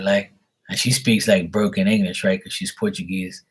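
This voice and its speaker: A man's voice: lowish voice, little pitch movement, moderate pace, slightly rough. A man chatting casually on a live tarot stream, rambling and exasperated, swearing freely. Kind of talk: casual livestream chat.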